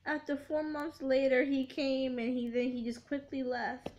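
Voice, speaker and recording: A young woman tells her own heartbreak story in a tearful, heartfelt way. She talks haltingly, often restarting and repeating herself. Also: sits high, flat delivery, a little mellow. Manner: halting and repetitive, with many restarts and fillers. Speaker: vlogger. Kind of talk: emotional storytime confession. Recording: dull lo-fi recording.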